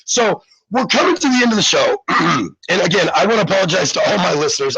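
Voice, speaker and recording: Congested, raspy radio host man. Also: high voice, very animated, quick pace, poor audio. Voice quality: raspy, gravelly. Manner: loose, rambling, gives shout-outs to listeners. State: congested, sick voice. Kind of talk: casual live radio chat.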